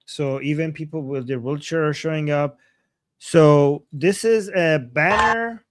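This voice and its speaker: A man hosting a casual live stream, reacting with excitement to protest videos and translating the chants for his viewers. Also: fairly high pitch, a little slow. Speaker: political commentary host. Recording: loud background noise.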